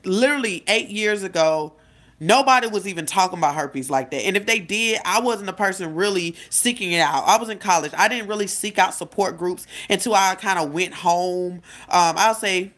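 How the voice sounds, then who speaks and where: A woman's voice: on the low side, a bit bright. A woman in her late twenties telling a personal story in casual confessional style, chatty and talking straight to her viewers, often correcting herself. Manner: chatty, addresses viewers directly, self-correcting. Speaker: life coach vlogger.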